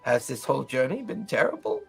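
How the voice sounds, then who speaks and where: A man voicing a gentle, courteous elderly male mystic in a tabletop game. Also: mid-range voice, huge pitch swings, creaky, slightly rough, faint music behind, full character voice. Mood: gently probing. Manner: courteous, unhurried, gently mocking.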